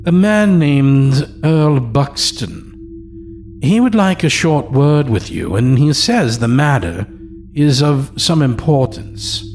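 A man's voice: mid-range voice, animated, slow pace, a little mellow, a little hiss or hum, voice pushed up. A man doing a hunched, deferential old servant. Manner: formal, hesitant, slightly raised voice.

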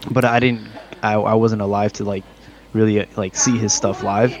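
A young adult man with a slightly low voice chats casually on a podcast. He is easygoing and questioning, often saying "like" as he thinks aloud. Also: level tone, moderate pace, a crowd in the background. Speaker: podcast co-host. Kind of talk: casual chat.

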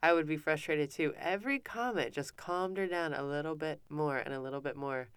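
A woman in her thirties hosting a podcast, telling a family story in a casual, animated way. Her voice is low and very smooth, and she often restarts her sentences. The sound is close and dry, with no room echo. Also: brisk. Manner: animated, breathless retelling with many restarts and acted quotes. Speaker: podcast host.

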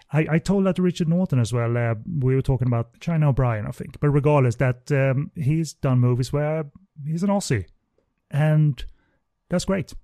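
A man with a mellow, warm tone talks through a film review, pausing and restarting his thoughts often. The recording is close and dry, with no room sound. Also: mid-range voice, no room sound. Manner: hesitant, many fillers and restarts. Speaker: podcast host. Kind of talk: casual film review chat.

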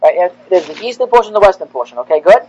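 A man, a rabbi, giving a classroom lecture, animated and rising in pitch as he acts out the prophets' complaints. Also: rapid-fire, slightly rough, highs cut off.

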